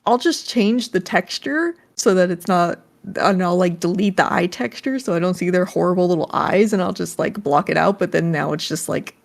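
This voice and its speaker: Gravelly-voiced laughing podcast co-host. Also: mid-range voice, normal speed. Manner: laughs often, wry storytelling. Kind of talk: casual gaming chat.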